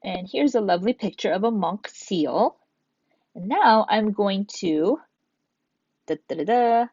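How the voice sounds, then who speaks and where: A woman's voice: mid-range voice, a little mellow, no room sound. A woman teacher giving a recorded grammar lesson, patiently explaining step by step and reading examples aloud. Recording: dull, dry lo-fi sound.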